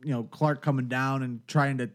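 A man's voice: mid-range voice, steady tone, normal speed. A man co-hosting a casual movie chat, speaking hesitantly with many fillers. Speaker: podcast co-host.

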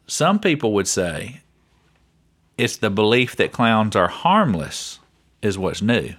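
A man's voice: fairly low pitch, sing-song, takes it slowly, fairly bright tone. A man co-hosting a casual podcast, chatty and leading the talk, often calling his co-host by name. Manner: chatty, keeps saying his co-host's name.

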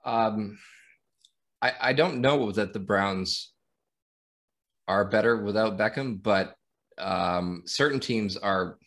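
Lowish voice guy on a sports podcast, keeps restarting his sentences. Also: fairly bright tone. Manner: halting, repeats words while thinking. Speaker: podcast co-host. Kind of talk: casual sports podcast chat.

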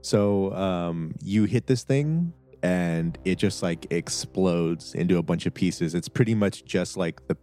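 A man's voice: low voice, mellow. A man running a tabletop role-playing game as game master, describing scenes in a loose, laid-back way with many fillers.

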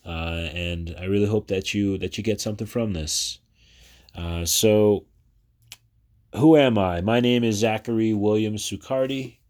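A man's voice: lowish voice, steady tone, measured pace, darkish tone. A man in his thirties from New Jersey, hosting his own podcast in a chatty, rambling monologue full of fillers and restarts. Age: 30s. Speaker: podcast host. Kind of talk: casual personal podcast monologue.

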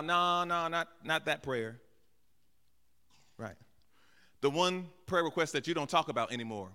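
A man's voice: on the high side, lively intonation, measured pace, pauses often, pushed and bright. A man, a guest pastor, preaching a sermon in a church, acting out little asides and calling out to the congregation. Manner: preaching with acted-out asides and call-outs to the congregation. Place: large church sanctuary. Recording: long hall reverb.

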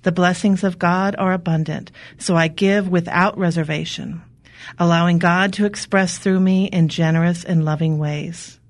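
A woman guest on a talk show, reading an inspirational devotional in a measured way with slow emphasis. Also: on the low side, steady tone.

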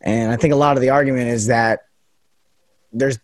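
A man's voice: medium pitch, steady tone, moderate pace, no room sound. Earnest young American man explaining, dry sound. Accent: General American. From United States. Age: young adult. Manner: earnest, explanatory, run-on sentences. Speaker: political science student. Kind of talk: casual chat, explaining.

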